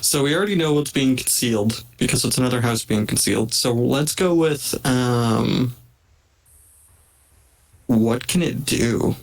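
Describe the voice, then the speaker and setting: A man's voice: medium pitch, a little slow, poor audio. A man playing a tabletop game, casually describing what his character does, with lots of fillers. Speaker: player.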